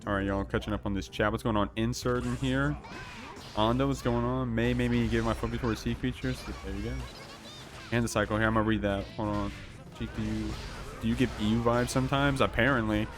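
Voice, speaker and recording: An American man co-commentating an online fighting game tournament, relaxed and reading chat between matches. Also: mid-range voice, fairly quick, music in the background. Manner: laid-back, easygoing, reads chat aloud.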